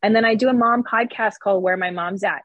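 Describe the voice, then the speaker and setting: A woman's voice: medium pitch, fast talker, fairly bright tone, no room sound, muffled recording. A woman comedian from Canada chatting as a guest in an interview, joking and sarcastic. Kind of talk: casual interview chat.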